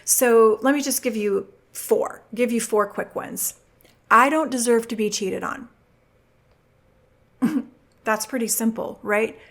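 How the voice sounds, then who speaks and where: Brief: middle-aged woman, fairly high voice, lively podcast host with acted-out quotes. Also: slow, pauses often. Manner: animated storytelling, acts out quoted voices. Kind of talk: podcast monologue giving relationship advice.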